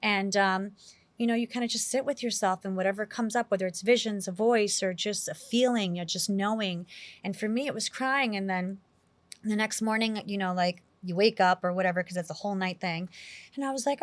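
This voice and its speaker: A woman's voice: mid-range voice, fairly quick, no echo. A middle-aged woman from New York City, a guest in an interview, telling a personal story in a candid, casual way full of "like" and "you know".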